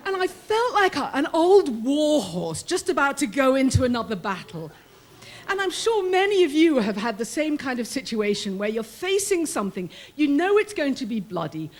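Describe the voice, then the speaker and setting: A woman's voice: high-pitched, moderate pace. A middle-aged British woman, a prison chaplain, telling a personal story live with humor and acted-out quotes. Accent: British English. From Britain. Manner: lively, humorous storyteller who acts out quoted voices.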